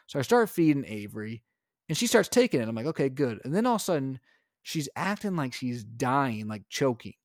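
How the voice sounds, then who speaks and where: A young adult man, a podcast co-host and father, telling a story in casual chat and acting out his own lines with animated energy. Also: mid-range voice, brisk, no echo, clean studio sound.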